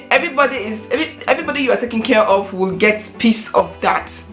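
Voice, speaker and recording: A woman's voice: fairly high pitch, lively intonation, quick pace, fairly bright tone. A middle-aged woman from Africa talking earnestly to camera in a casual vlog, often repeating and restarting her phrases. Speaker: vlogger. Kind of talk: casual personal talk to camera. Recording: roomy echo with faint guitar music.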